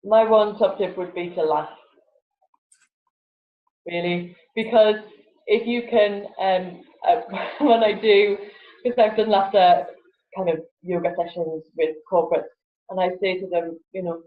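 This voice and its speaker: A woman's voice: lowish voice, fairly even intonation, normal speed. A woman, a guest in a casual interview chat who laughs often and acts out voices animatedly. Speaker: guest, laughter yoga teacher. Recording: echoey, phone-like lo-fi audio.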